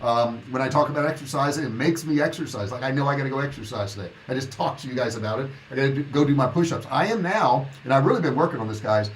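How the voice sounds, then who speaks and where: A man's voice: medium pitch, quick pace, few pauses, a little hiss or hum, poor audio. Blunt motivational man in his sixties. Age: 60s. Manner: blunt, motivational, reads viewer comments aloud. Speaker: online business coach. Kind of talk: casual livestream chat.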